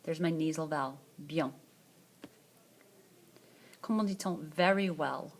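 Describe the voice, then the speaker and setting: A woman with a slightly low voice teaches a French lesson in a screencast. She pronounces each word carefully and says it twice so students can copy her. Her delivery is patient and instructional. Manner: slow, repeats words twice for the learner. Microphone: tablet screencast.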